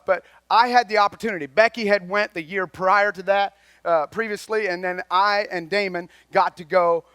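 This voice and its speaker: Man, high voice, folksy chatty preacher, close dry sound, loud-to-hushed delivery. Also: clean tone, no room sound. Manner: folksy, conversational preaching that swings between loud and quiet. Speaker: lay speaker at a chapel. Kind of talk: sermon.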